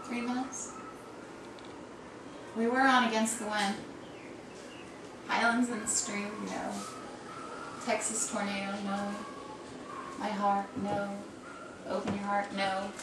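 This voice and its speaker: A woman's voice: mid-range voice, level tone, slow, pauses often. A woman chatting casually to camera at home, rambling and self-deprecating as she jumps from one thought to the next. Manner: quirky, meandering, self-deprecating. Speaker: vlogger. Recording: echoey room, distant mic, noisy background.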